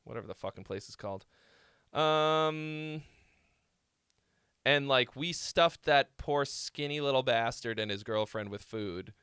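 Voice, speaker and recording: A man's voice: mid-range voice, measured pace, a bit bright, clean tone, no room sound, studio quality. A young man hosting a casual livestream, telling rambling stories full of swearing. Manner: laid-back storytelling, heavy swearing. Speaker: host.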